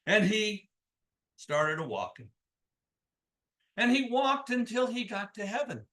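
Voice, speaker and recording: A man telling a folk tale at a live story swap, folksy and full of chuckles. He speaks slowly with a bright tone and a very lively, swooping pitch.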